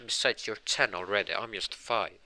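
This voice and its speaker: A clingy little five-year-old boy, voiced by a man in a homemade spoken story. The voice is bright, set a touch low, and sits dry and close to the mic. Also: moderate pace, dry recording, rough recording. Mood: pleading.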